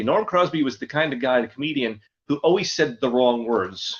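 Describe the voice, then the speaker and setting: An older man speaking at a mid pitch, wandering from one anecdote to the next in a relaxed interview. His voice comes over a dull, lo-fi recording. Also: normal speed, few pauses. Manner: rambling, anecdotal storyteller. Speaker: ventriloquist guest. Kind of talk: casual interview chat.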